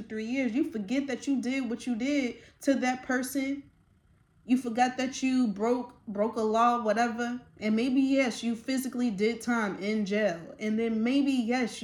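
A woman hosts a faith-based talk and speaks with open passion. She drops casual slang as she goes, breaks into quick laughs and builds excitement. The sound is roomy and echoey. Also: medium pitch. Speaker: podcast host.

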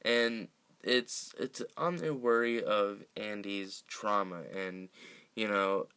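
Slow, bright-voiced man casually recapping. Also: on the low side, smooth. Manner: rambling, profane, laughs often, many fillers and restarts. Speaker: movie recap host.

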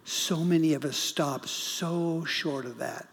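A middle-aged man, a guest pastor, preaching a sermon as a story, swinging from urgent bursts to hushed, whispered lines. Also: on the high side, slow pace, vocal fry, slightly rough, long reverb tail. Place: church sanctuary.

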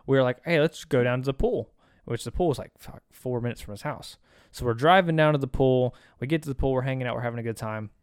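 Animated young man telling a story. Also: mid-range voice, fast talker, smooth, no room sound, clean studio sound. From Tennessee. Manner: animated, swearing, laughing storyteller. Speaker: podcast co-host. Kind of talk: casual chat, storytelling.

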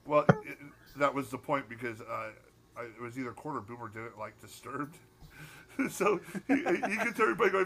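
A man's voice: mid-range voice, lively intonation, moderate pace, vocal fry, sharp tone. Rambling man co-hosting a podcast. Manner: rambling, hesitant, profane. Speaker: podcast co-host. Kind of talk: casual chat.

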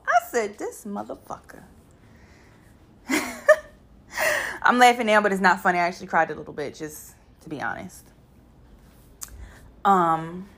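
A young adult woman telling a personal story to her viewers in a casual, blunt, animated way, swearing freely and speaking straight to the audience. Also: on the high side. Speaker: vlogger.

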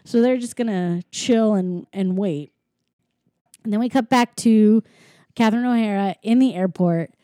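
Casual woman co-host, animated storyteller, dry close sound. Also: medium pitch, unhurried, no echo. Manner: chatty storyteller, acts out quotes, laughs often. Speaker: podcast co-host recapping a film. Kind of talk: casual chat.

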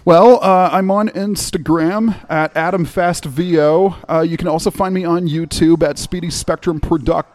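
A man's voice: a little high, fairly even intonation, normal speed, hardly any pauses, a little mellow. A man, a voice actor, explaining his craft in an interview, eager and full of fillers. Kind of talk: interview conversation.

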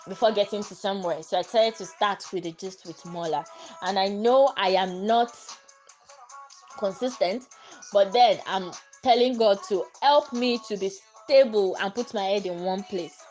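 A woman's voice: mid-range voice, a little mellow, poor audio. A woman hosting a casual solo podcast, talking earnestly and repeating her phrases, her voice slightly stuffy from catarrh. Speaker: podcast host.

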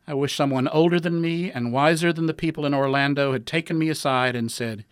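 A man's voice: fairly high pitch, fairly quick, clean tone, no room sound, studio quality. A man, the author, reading his own letter aloud in an earnest, tender way.

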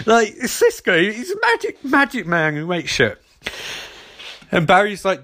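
A man recapping a TV episode in a casual, sarcastic way, jumping into quick mocking voices for the characters. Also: sits high, big pitch swings, a bit bright. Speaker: TV episode reviewer.

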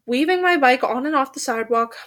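A woman's voice: high voice, lively intonation, fast, a bit bright. A woman reading a novel aloud expressively, with small stumbles and restarts. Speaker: reader.

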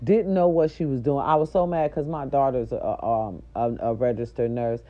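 A middle-aged woman, a nurse aide, telling viewers a story in a loud, profane, indignant rant. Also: a bass voice, fairly even intonation, moderate pace. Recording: dull lo-fi recording.

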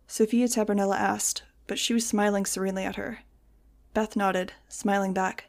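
Woman narrator for a fan audiobook, mid pitch, even storytelling read. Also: brisk, vocal fry. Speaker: audiobook reader.

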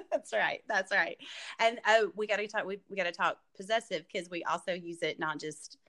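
Bright Southern woman with an Arkansas accent. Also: mid-range voice, steady tone, normal speed. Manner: playful, mock-teacherly, laughs often. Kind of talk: casual chat.

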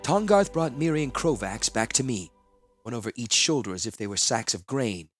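A man narrating a fantasy audiobook in a solemn, measured manner. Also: mid-range voice, lively intonation, faint music behind.

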